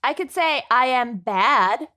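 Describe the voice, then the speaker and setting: A woman's voice: on the high side, lively intonation, takes it slowly, pushed and bright. A young adult woman, co-hosting a casual chat podcast, laughing often and poking fun at herself. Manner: giggly, self-deprecating, lots of laughter. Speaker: podcast co-host.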